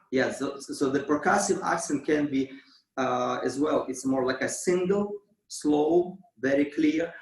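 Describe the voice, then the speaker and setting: Slow-talking dance teacher in an echoey studio. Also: male voice, a little high, darkish tone. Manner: counts beats with vocal sounds. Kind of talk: dance class instruction. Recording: roomy, from far off.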